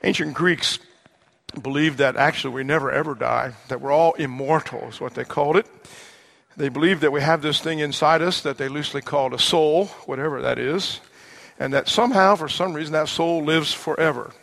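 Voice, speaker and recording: A male pastor delivers a sermon in an earnest way, slowing down on the words he wants to land. His voice is gravelly and sits a little high. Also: fairly bright tone. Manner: earnest, slows down for emphasis.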